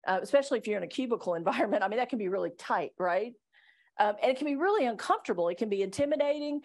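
A woman's voice: fairly high pitch, lively intonation, rapid-fire, darkish tone. A middle-aged woman attorney giving a live workplace training talk to staff, chatty and self-deprecating, often laughing between points. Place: meeting room with live audience.

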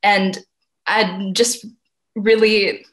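A woman's voice: medium pitch, level tone, extremely slow, fairly bright tone. A young woman giving a tearful, rambling acceptance speech, full of "like" fillers. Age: young adult. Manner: emotional, rambling with many "like" fillers. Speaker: youth poet laureate.

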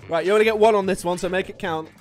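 A man's voice: high voice, steady tone, rapid-fire, over music. A man hosting a game-night stream, joking, laughing often and swearing freely in casual chat.

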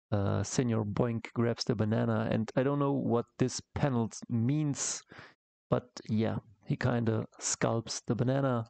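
Brief: man, slow gravelly delivery, casual comic-art tutorial voice-over, dry close mic. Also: mid-range voice, dark tone, dry recording. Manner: rambling, halting, many fillers and restarts. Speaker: comic artist teaching.

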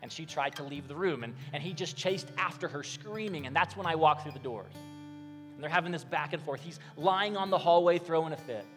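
Pastor preaching with long hall reverb. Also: male voice. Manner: measured, drops soft and low on key phrases. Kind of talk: sermon with personal storytelling. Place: church sanctuary. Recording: long hall reverb, faint guitar behind. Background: soft guitar music.

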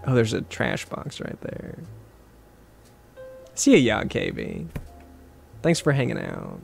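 A man's voice: lowish voice, huge pitch swings, slow, creaky, faint music behind. A man streaming a game, chatting casually with his viewers, swearing and laughing at his own jokes. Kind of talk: casual live-stream chat over gameplay.

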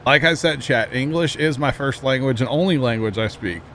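A man's voice: medium pitch, moderate pace, a bit bright, slight background noise. A young man with a Midwestern American accent chatting casually with viewers while he streams a game, joking at his own expense and laughing often. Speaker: livestreamer. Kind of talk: casual gameplay chat with viewers.

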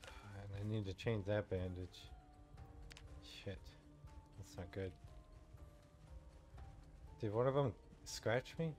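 A man's voice: lowish voice, slow pace, long pauses, a little mellow. A man giving let's-play commentary, reacting nervously to a game and swearing when things go wrong. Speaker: gaming YouTuber. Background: faint game music.

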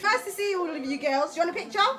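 A woman's voice: extremely high pitch, rapid-fire. A young woman vlogger chatting and teasing schoolgirls in a boarding school dormitory, recorded on a handheld camera. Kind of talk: casual chat with schoolgirls. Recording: loud background noise.

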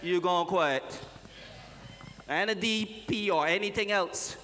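A man, a pastor preaching a lively, joking sermon and calling out to his congregation. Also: sits high, takes it slowly. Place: church sanctuary. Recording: reverberant church hall.

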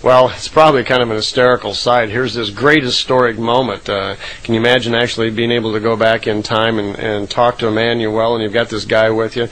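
A man's voice: mid-range voice, fairly even intonation, brisk, hardly any pauses, fairly bright tone, slight background noise, low-quality recording. A man casually retelling a recorded account, rambling with frequent "uh" fillers and self-corrections.

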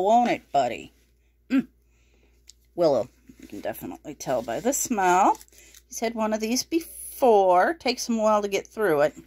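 A woman's voice: lowish voice, slightly rough. A woman hosting a casual pet unboxing vlog, talking fondly to her rabbits and a little out of breath. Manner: cooing baby talk to her rabbits. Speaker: pet channel host.

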